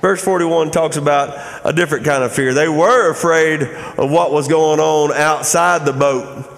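A man's voice: a little high, a little slow, gravelly. Man preaching in a reverberant hall. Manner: conversational preaching, frequent "Amen?" asides. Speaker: pastor. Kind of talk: sermon.

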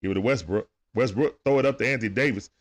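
A man's voice: on the low side, fast talker. A man with speech doing loose, chatty play-by-play on a livestream, talking back to players and viewers. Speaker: livestream game commentator. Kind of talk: casual play-by-play commentary.

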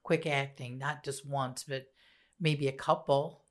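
A woman's voice: rumbling low, fairly even intonation, measured pace. A middle-aged woman, mother of a co-host, chatting in a rambling way about true crime on a podcast. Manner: chatty, rambling, trails off mid-sentence. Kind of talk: casual true-crime chat.

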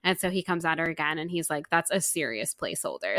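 A woman co-hosting a podcast, chatting casually about a book, retelling scenes with quoted lines and quick laughs. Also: sits low, wildly swooping pitch, gravelly, pushed and bright, no echo, studio quality. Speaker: podcast co-host. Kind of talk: casual book-club chat.

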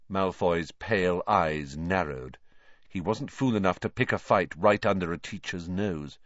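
Brief: male audiobook narrator, low and lively, dull lo-fi, dry sound. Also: unhurried, dry recording. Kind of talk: scripted narration of a novel.

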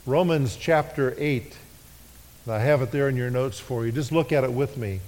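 Pastor preaching in an echoey sanctuary. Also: male voice, mid-range voice. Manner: leads the congregation in call-and-response; slows and drops to a hush on key phrases. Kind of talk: sermon. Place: church sanctuary. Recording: echoey worship hall.

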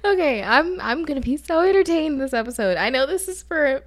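A woman's voice: high voice, expressive, brisk, dry recording. A young woman co-hosting a podcast over a video call, chatting casually, giggling and rambling. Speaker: podcast co-host.

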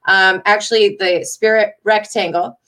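A woman's voice: medium pitch, fairly even intonation, a little slow, fairly bright tone. A woman hosting a live stream, chatting casually, reading viewer comments and laughing often. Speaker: host of a live stream show.

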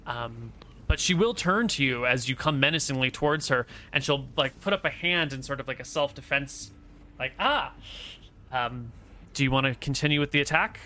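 Bright-voiced man running a tabletop game. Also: medium pitch, brisk, a little hiss or hum. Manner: relaxed narration with frequent fillers. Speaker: game master.

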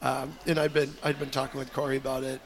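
A man's voice: medium pitch, little pitch movement, fast talker, vocal fry, slight background noise. A man co-hosting a casual chat, friendly and rambling with many restarts. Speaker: podcast co-host.

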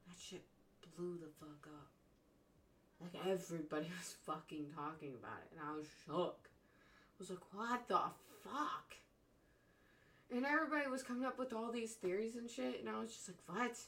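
A young woman co-hosting a casual chat, animated, laughing often and swearing constantly. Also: fairly low pitch, normal speed. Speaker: podcast co-host.

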